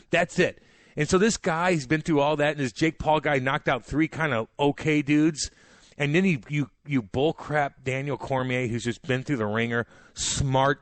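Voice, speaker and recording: A man on sports radio, ranting in a heated, rambling way with casual swearing. His voice sits a bit high and sounds dry and close in a studio. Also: dry recording. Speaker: sports radio co-host, former hockey player.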